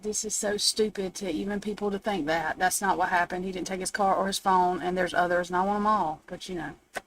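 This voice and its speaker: A woman's voice: medium pitch, a little hiss or hum, rough recording. A woman hosting a live stream, ranting bluntly and swearing, upset after crying. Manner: indignant, blunt, swears freely. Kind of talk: unscripted live stream rant. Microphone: phone or webcam, off camera.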